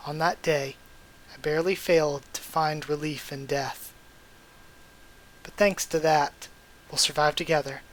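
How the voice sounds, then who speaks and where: A man voicing a weary, guilt-ridden adult male survivor, with a quiet, resigned reading voice. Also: a little high, fairly even intonation, measured pace, long pauses, a little hiss or hum, low-quality recording. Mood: wistful.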